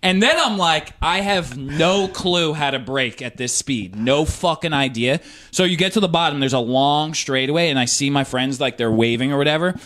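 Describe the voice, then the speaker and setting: Animated, profane male podcast storyteller. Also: on the high side, moderate pace, hardly any pauses. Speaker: podcast co-host. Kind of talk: casual chat, storytelling.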